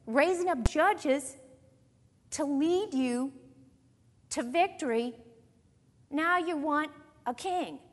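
Woman preaching in a reverberant hall. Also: sits high. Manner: emphatic, questions the audience directly. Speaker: Bible teacher. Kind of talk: sermon with scripture reading.

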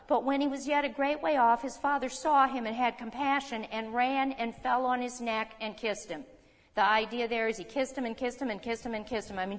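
Preacher, woman, fairly high voice, conversational sermon delivery, long reverb. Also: fairly bright tone. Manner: conversational, checks in with the audience, slows for emphasis.

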